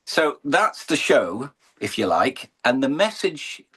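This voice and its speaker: A man's voice: medium pitch, big pitch swings, slow pace, fairly bright tone, husky. A middle-aged English man, a horse and falcon showman, telling his story in an earnest, emotional interview. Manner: earnest, emotional, building to uplifting emphasis.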